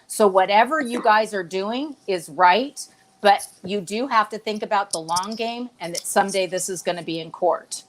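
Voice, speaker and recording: A woman's voice: medium pitch, normal speed, low-quality recording. Female guest, emphatic, persuasive, casual live chat.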